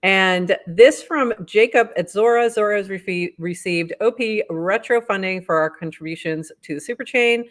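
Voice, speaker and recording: A woman's voice: mid-range voice, moderate pace, few pauses. Woman co-host, upbeat casual chat, reads stuff out, laughs a lot. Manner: upbeat, reads posts aloud, laughs often. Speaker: podcast co-host. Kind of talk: casual news roundup chat.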